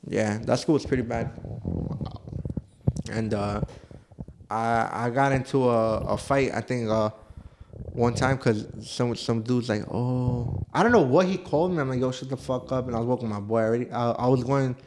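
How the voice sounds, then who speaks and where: A young man tells his stories in an animated way, swearing freely and laughing as he reaches the punchlines. His voice sits at an ordinary pitch, with a faint hiss of noise under the recording. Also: normal speed. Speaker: podcast co-host. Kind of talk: casual chat.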